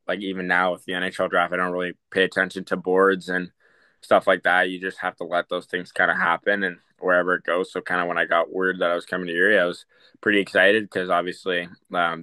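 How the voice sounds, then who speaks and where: A man's voice: low voice, bright, forceful tone, clean tone, no echo. A young man, a hockey prospect, answering interview questions casually, with many fillers and restarts. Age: young adult.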